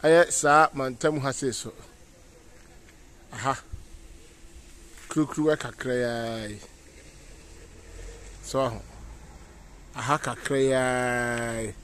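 A man's voice: medium pitch, takes it slowly, pauses often, fairly bright tone, a little hiss or hum. A Ghanaian man giving a casual outdoor walking tour as a vlogger, pointing things out as he walks. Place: outdoors on city streets.

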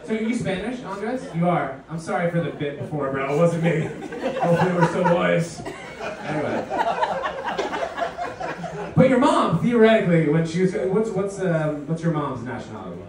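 Animated stand-up comic in an echoey kitchen. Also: male voice, a little high, normal speed, heavy background noise. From New York. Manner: animated, does mock voices of his mom and friends. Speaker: stand-up comedian. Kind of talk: stand-up comedy set. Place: a kitchen at a house party. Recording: echoey room, from a distance.

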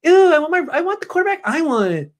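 A man putting on the voice of a childish grown man whining that things aren't fair, in a high, drawn-out, whiny voice. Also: big pitch swings.

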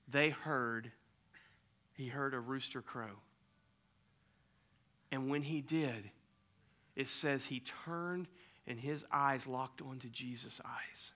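A man's voice: mid-range voice, slow pace, long pauses. A middle-aged man preaching a sermon as a pastor, retelling a story animatedly and dropping to near-whispers for effect. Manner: animated, swinging from loud emphasis to near-whispers.

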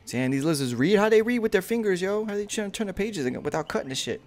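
A man casually commentating his own game playthrough, excited, slangy, and swearing freely. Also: sits high, quick pace. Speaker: gamer. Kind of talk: casual let's play commentary.

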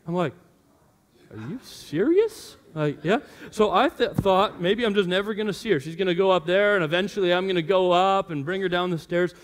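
A man's voice: high voice, moderate pace. A man in his thirties, a pastor telling a family story in his sermon and acting out his children's voices.

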